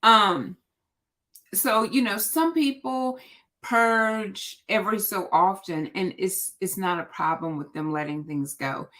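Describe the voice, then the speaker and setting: A woman's voice: mid-range voice, slow, pushed and bright. A woman in her forties hosting a casual live stream, rambling and thinking aloud with plenty of fillers, recorded on a computer mic. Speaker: livestream host. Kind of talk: casual livestream chat.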